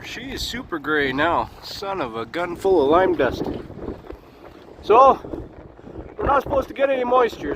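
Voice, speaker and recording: A middle-aged Canadian truck driver chatting casually to a phone camera outdoors beside his truck, exclaiming at the gusts. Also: high voice. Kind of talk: casual vlog chat. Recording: loud wind noise on mic. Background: wind gusts.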